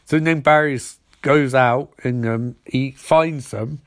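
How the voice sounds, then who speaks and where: A man's voice: medium pitch, slow, fairly bright tone. A man casually recapping a TV episode, making wry, mocking asides and briefly mimicking the characters as he goes.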